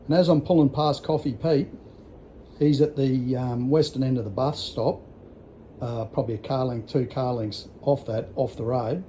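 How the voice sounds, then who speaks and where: A man's voice: mid-range voice, steady tone, normal speed, warm tone, slight background noise. An Australian man in his sixties telling a rambling story in a casual vlog, blunt and full of swearing. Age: 60s. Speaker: vlogger.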